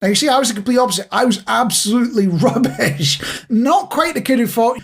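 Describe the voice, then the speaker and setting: A man with a husky, breathy voice co-hosts a casual chat podcast. He talks in a playful, self-mocking way and often speaks straight to the listener. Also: extremely high pitch, animated, brisk. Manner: chatty, addresses the listener directly. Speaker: podcast co-host.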